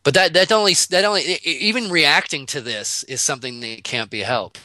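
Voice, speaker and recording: A man's voice: a little high, a little fast, pushed and bright, dry recording. A man chatting as a guest in a casual, playful conversation, laughing easily and rambling with restarts.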